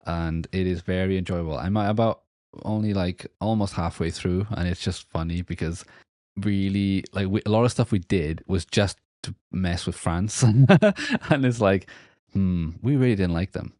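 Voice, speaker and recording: A young Welsh man with a Welsh accent, co-hosting a casual music podcast, animated and laughing often. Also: low voice, moderate pace, no echo, studio quality. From Wales. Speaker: podcast co-host. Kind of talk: casual chat about music.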